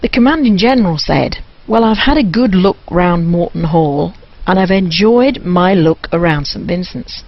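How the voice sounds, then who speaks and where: A woman telling a local history story and reading passages aloud from a book, with a gentle, amused manner. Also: fairly low pitch, lively intonation, moderate pace. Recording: muffled lo-fi radio recording.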